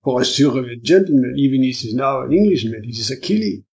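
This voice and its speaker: A man's voice: mid-range voice, expressive, fast talker, darkish tone, lightly acted. A man voicing a shrewd, amused French detective with a dry, teasing manner. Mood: wry.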